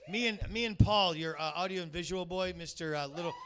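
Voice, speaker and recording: A man's voice: sits high, brisk, background noise. A man doing a rambling, crude stand-up comedy set in a comedy club, baiting the crowd and heavy on filler words.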